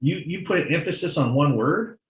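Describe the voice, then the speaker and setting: A man's voice: on the high side, expressive, brisk, reverberant, highs cut off. A man co-hosting a podcast in casual chat, rambling with many restarts and acting out the people he quotes. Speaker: podcast co-host.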